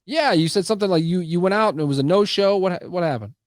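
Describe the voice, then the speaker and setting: Male podcast host, casual and halting, slightly higher voice, dry sound. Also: no echo. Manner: loose, halting questions with many fillers. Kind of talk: casual interview.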